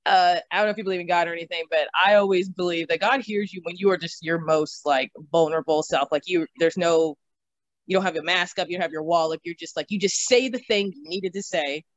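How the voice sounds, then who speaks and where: A young woman telling stories from her own life in an interview. She is animated, laughs often and swears casually. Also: on the low side, fast, dry recording. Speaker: interview guest. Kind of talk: casual storytelling. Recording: slightly dull, dry recording.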